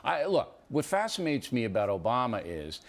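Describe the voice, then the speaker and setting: Brief: male talk-show host, lively pitch, blunt and emphatic, interrupts. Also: moderate pace. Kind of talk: opinionated talk-show banter.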